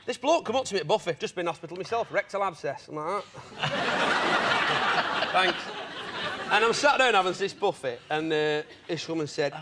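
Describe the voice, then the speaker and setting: A man telling animated anecdotes on a chat show, mimicking voices and laughing often. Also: high voice, normal speed, pauses often. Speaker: comedian guest. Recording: studio audience laughter, noisy.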